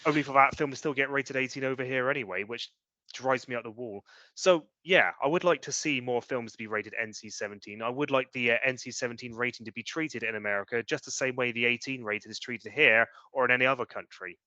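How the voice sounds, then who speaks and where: A man's voice: medium pitch, quick pace, bright, forceful tone, no echo, dull audio. A British man co-hosting a casual chat show, ranting in an opinionated way with British slang. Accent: British English. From Britain. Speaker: podcast co-host.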